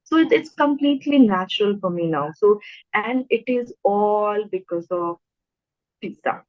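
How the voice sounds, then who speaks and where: A woman's voice: mid-range voice, expressive, a little slow, no room sound. Young woman, stammers, casual interview guest; dull, dry recording. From India. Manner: stammers, repeats words, laughs easily.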